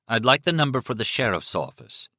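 A man's voice: medium pitch, sing-song, fairly quick, bright, forceful tone, no echo, studio quality, heavily acted. A male audiobook reader voicing a tense, panicked male novelist who pleads urgently on the phone. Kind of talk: audiobook character voice.

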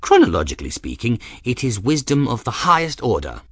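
A man voicing an eccentric, pompous old male scholar-mage in a storybook, lofty and theatrical, with big leaps in pitch. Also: huge pitch swings, fairly quick, fairly bright tone, breathy edge, dry recording, studio quality, exaggerated voice. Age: older.

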